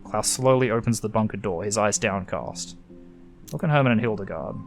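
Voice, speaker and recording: An Australian man reading a story game aloud, lively in pitch and loudness as he narrates. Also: moderate pace, gravelly, faint music behind. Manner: animated reading, shifting pitch and loudness for each character. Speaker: gaming YouTuber.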